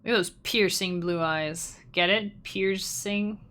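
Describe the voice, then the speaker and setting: A woman's voice: on the low side, pushed and bright. A young woman streaming a game live, chatting casually with her viewers and laughing easily. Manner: chatty, talks to chat, quick laughs. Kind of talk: casual live-stream chat while gaming.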